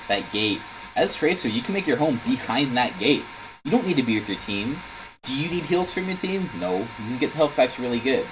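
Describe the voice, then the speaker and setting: A man's voice: medium pitch, background noise. A man coaching a player by reviewing gameplay footage, blunt and instructive, repeating his advice and swearing now and then, sounding tired. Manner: swears in frustration. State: tired, yawning. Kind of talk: coaching commentary over gameplay.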